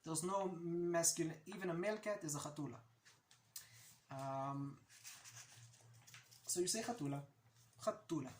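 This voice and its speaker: A woman from Israel with an Israeli accent, casually teaching words and repeating each one slowly so the pronunciation is clear. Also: lowish voice, darkish tone, roomy sound, slight background noise. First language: Hebrew. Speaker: language teacher. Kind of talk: casual video lesson.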